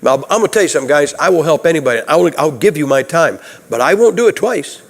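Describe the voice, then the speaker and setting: A man's voice: fairly high pitch, animated, fast talker. Folksy preacher man in a reverberant church. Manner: folksy, conversational, asks the audience questions. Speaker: Baptist preacher. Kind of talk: sermon. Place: church sanctuary.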